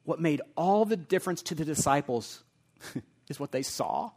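A man preaching a sermon, earnest and conversational, moving between quiet reflective passages and emphatic repeated lines. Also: fairly high pitch, lively intonation, moderate pace. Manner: earnest, builds from quiet asides to emphatic repetition. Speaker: pastor.

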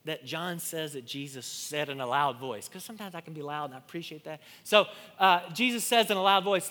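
Emphatic preacher in a reverberant hall. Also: male voice, a little high, a little fast, hardly any pauses. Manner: emphatic preaching, swinging from loud to hushed; repeats and restarts words as he preaches. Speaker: pastor. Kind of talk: sermon.

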